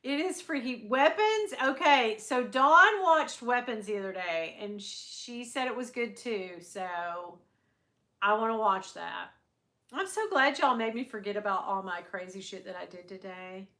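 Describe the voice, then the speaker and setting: A middle-aged woman hosting a casual livestream, chatty and quick to swear and laugh. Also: a little high, expressive, sharp tone. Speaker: livestream host.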